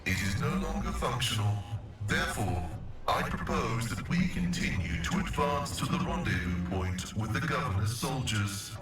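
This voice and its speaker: A man's voice: fairly low pitch, big pitch swings, normal speed, fairly bright tone. A man voicing a hunched, devout male cyborg tech priest who speaks in formal, stilted phrases through a vox-synthesized voice. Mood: solemn. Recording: very echoey distant voice over game music.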